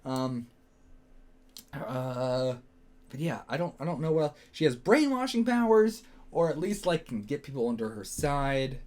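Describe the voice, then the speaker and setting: A man's voice: medium pitch, big pitch swings, unhurried, a little mellow. A man, hosting a casual solo reaction video, rambling and second-guessing himself with lots of fillers. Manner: rambling, self-questioning, frequent fillers and swearing.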